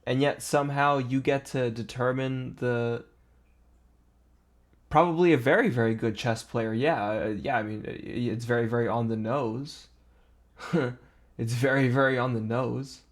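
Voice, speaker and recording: A man's voice: mid-range voice, steady tone, a little slow. A man on a podcast livestream talking casually and profanely, stumbling and restarting mid-sentence. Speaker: podcast co-host.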